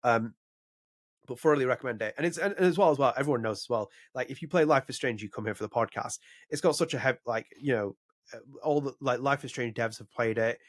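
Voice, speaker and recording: A man chats on a podcast, racing through his opinions and tripping over restarts as he goes. His voice sits at a mid pitch. The close mic gives a dry sound with no room behind it. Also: fast talker, no echo. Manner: rambling, opinionated, frequent restarts. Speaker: podcast co-host. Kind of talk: casual podcast chat.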